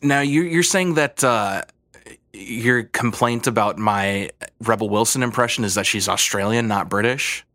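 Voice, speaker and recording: Bright, teasing man on a podcast. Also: fairly low pitch, a little slow, no room sound. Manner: teasing, playful quips. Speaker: podcast co-host. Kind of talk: casual jokey chat.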